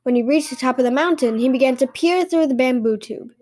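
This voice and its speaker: A woman hosting a podcast and reading fairy tales aloud with lively, expressive storytelling. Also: high voice, fairly quick.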